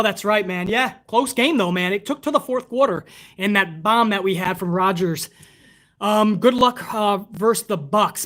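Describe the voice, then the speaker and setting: A man's voice: sits high, fairly bright tone. A man from the United States hosts a casual wrestling livestream, talking in a loose, rambling way. He swears freely and works himself up into heated rants between reading donations. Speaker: wrestling podcast host.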